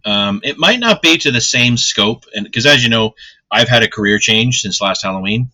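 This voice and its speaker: A man chats easily as a podcast co-host. His voice rings very bright and cutting, at a middling pitch. He tosses out dry, deadpan jokes between stories. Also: moderate pace. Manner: joking, deadpan one-liners. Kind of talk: casual chat.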